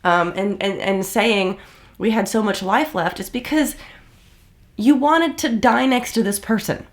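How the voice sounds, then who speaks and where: A woman's voice: medium pitch, unhurried. A woman giving heated, blunt reaction commentary and swearing often. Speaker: commentary host.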